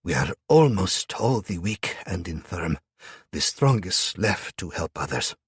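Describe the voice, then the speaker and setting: A man voicing a gentle, sorrowful older imam in an audiobook, speaking slowly in hushed tones. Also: low voice, big pitch swings, breathy edge, dry recording, studio quality, full character voice.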